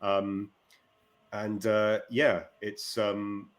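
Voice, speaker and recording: A man's voice: lowish voice, level tone, extremely slow. A man hosting a casual film chat, talking in a rambling way with many fillers and restarts.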